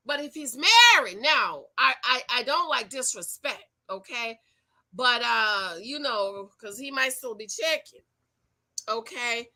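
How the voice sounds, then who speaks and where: A middle-aged woman hosting a casual livestream about dating, reading viewer comments, animated and repeating her points in slang. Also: a little high, slow pace. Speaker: livestream host and dating coach.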